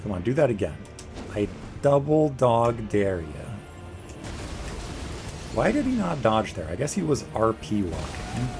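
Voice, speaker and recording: A man's voice: medium pitch, sing-song, a little slow, pauses often. A man giving casual, jokey let's play commentary, talking to the boss as he fights it. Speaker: gaming video creator. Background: game music.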